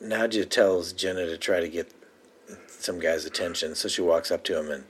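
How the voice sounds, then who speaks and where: A man's voice: low voice, moderate pace, slight background noise. A man co-hosting a podcast, casually recapping a TV episode and laughing as he retells scenes. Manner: laughs often, retells scenes with quoted lines. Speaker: podcast co-host.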